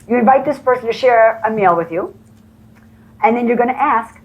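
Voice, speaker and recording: A woman with a somewhat high, lively voice trains real estate agents in front of a live conference-room audience, telling motivational stories and performing their dialogue. She keeps a moderate pace. The recording is rough.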